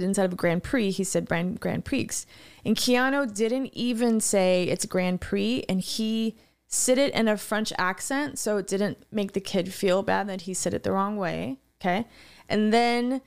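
A woman's voice: medium pitch, smooth. Chatty woman telling a rambling story. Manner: animated, rambling anecdotes with restarts and laughs. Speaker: podcast co-host. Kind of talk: casual chat, storytelling.

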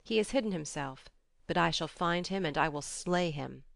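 A woman's voice: fairly low pitch, expressive, moderate pace, gravelly, no room sound. A woman voicing a raging thunder god. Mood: wrathful. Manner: wrathful, vowing. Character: mighty enraged male thunder god.

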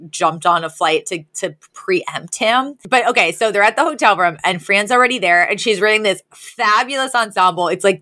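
Bright-voiced woman recapping a sitcom. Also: lowish voice. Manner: chatty, retells scenes with quoted lines and laughs. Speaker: podcast co-host. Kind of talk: casual chat recapping a sitcom episode.

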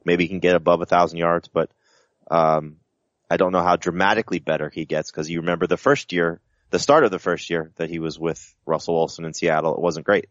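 Very deep male co-host, rambling and halting, dull lo-fi sound. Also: steady tone, a bit bright, no room sound. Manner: rambling, halting with many restarts. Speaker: podcast co-host. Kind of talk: casual sports podcast chat.

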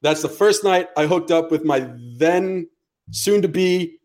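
Male podcast co-host, slightly high voice, profane and animated storyteller. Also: takes it slowly. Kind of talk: casual storytelling.

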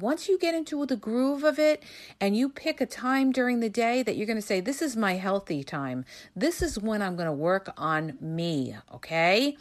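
A woman hosting a podcast, giving emphatic, coaching advice to listeners, checking in often with "okay?" and "all right?". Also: fairly high pitch. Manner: addresses listeners as "you guys". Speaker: podcast host. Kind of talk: casual advice monologue.

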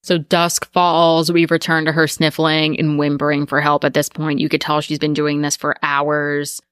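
A woman with a very low voice walks through a film's plot beat by beat, adding trivia along the way. She sounds casual and speaks close to a dry mic. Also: monotone, normal speed, a bit bright, clear, resonant tone, no echo. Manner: detail-focused, narrates plot beats. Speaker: podcast co-host. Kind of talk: casual film recap chat.

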